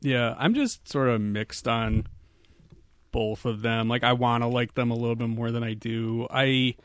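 A man co-hosting a casual movie chat, laid-back and rambling, with hesitant pauses. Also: mid-range voice, steady tone, smooth, no room sound, clean studio sound. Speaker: podcast co-host.

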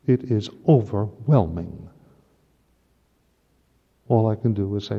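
A male priest delivering an impassioned sermon, his dark, husky voice climbing to emphatic peaks. The sound is dull and lo-fi, with a long reverb trailing off the church walls. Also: on the low side, slow pace, pauses often.

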